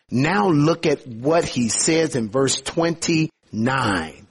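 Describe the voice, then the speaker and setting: A man preaching a sermon as a pastor, earnest, slowing down to stress points and rising in fervor as he urges his listeners. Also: fairly high pitch, expressive, breathy edge.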